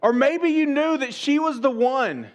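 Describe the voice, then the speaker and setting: A pastor delivers his sermon in a fairly high voice, speaking to the congregation as if chatting with them. He circles back with rhetorical questions and repeats his phrases as he builds each point. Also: animated, unhurried, highs cut off. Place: church service.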